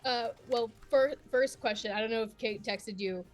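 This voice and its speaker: A woman's voice: fairly high pitch, moderate pace, faint music behind. A woman playing in a tabletop game, asking hesitant questions in casual chat. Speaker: player.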